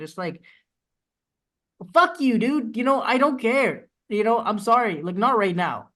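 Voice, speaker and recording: A man's voice: extremely high pitch, normal speed, fairly bright tone. A young man, a streamer, in a casual podcast chat, ranting emphatically with lots of swearing. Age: young adult.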